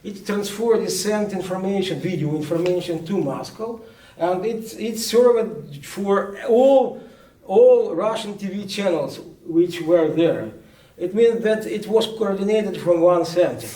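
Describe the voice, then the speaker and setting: A man, a journalist recounting events at a book presentation in a halting way, full of restarts. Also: sits high, lively intonation, dark tone. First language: Ukrainian. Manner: halting, many restarts and fillers. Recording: echoey room, speaker far from mic.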